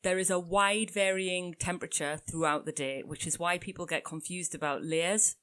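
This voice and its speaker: A woman's voice: on the low side, steady tone, moderate pace, fairly bright tone, smooth. A young woman with a Geordie accent co-hosting a podcast, chatty and self-mocking, often laughing. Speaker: podcast co-host. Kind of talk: casual chat.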